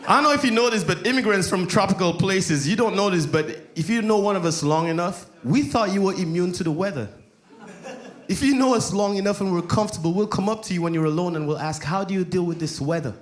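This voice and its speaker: A stand-up comic from Saint Lucia performing a set with a loose, laughing delivery and mocking voices. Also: male voice, high-pitched, lively intonation, fast talker. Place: comedy stage before live audience. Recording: echoey club with loud crowd.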